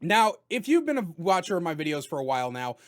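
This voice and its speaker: A man giving a casual spoken video game review, talking loudly with jokes and animated delivery. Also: a little high, fast. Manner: loud, animated and joking.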